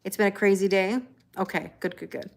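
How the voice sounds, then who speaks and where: A woman's voice: mid-range voice, steady tone, a little fast, vocal fry. Chatty woman greeting live-stream viewers. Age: middle-aged. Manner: chatty, greets viewers by name, laughs often. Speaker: tarot reader livestream host. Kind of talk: casual live-stream chat reading out viewer comments.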